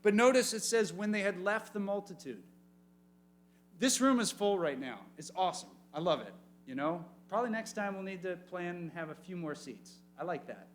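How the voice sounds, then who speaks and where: Animated man preaching to teens. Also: fairly high pitch, slight background noise. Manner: animated, talks straight to the teens. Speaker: youth pastor. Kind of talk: youth sermon. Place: room full of young people.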